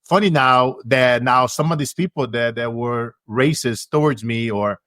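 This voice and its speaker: A man's voice: mid-range voice, unhurried, bright, forceful tone, no echo, clean studio sound. A man from Brazil, hosting a podcast interview in an affirming, reflective way. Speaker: podcast host. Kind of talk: conversational interview.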